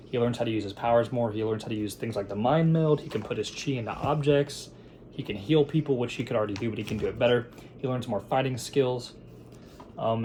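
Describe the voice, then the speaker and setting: Young guy recapping a movie at his desk, rambly, lots of ums, mellow kinda dark voice, bit of hiss. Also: mid-range voice. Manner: rambling, with frequent fillers and restarts into quoted voices. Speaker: film reviewer. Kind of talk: casual plot recap and review. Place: at his editing table.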